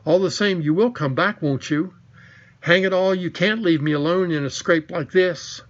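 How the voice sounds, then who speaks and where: A man's voice: a little high, moderate pace, dull audio. A man reading the part of an anxious young boy who pleads and gets flustered. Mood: pleading.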